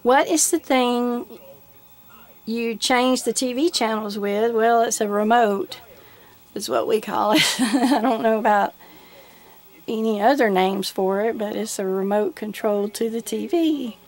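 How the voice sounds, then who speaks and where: A woman's voice: a little high, a little slow. A woman with a Southern US accent chatting casually through an accent tag video, giggling often. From Southern United States. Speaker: vlogger.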